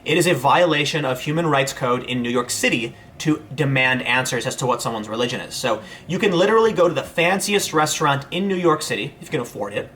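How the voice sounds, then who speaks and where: A man's voice: medium pitch, lively intonation, fast talker, hardly any pauses, fairly bright tone, a little hiss or hum. A man, hosting a casual livestream and answering viewer messages in a rambling way, full of fillers and restarts. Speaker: host reading viewer chat.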